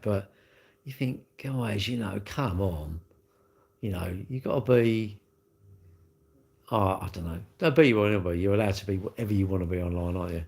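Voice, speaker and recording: A man, chatting casually to viewers as a livestream host, rambling and repeating himself in a blunt, chatty way. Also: on the low side. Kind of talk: casual chat to live viewers.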